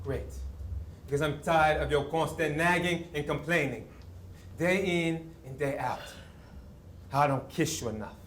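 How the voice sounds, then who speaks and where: A man's voice: a little high, unhurried, long pauses, fairly bright tone, reverberant, a little hiss or hum. An actor in his twenties playing a proud young man at an audition in a short film. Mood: dramatic reading. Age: 20s. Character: young male actor, proud, quick to anger. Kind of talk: film dialogue.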